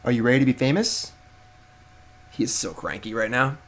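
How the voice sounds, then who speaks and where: A young man chatting on his live stream in a relaxed, playful way. His pitch sits right in the middle for a man. He talks to his pet and the viewers at an easy, unscripted pace. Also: brisk, long pauses. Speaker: streamer and host. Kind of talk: casual live-stream chat.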